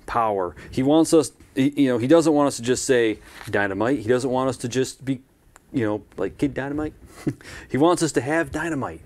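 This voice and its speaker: A man's voice: mid-range voice, darkish tone. A man preaching a live-streamed church sermon in a conversational way, with asides and repeated phrases.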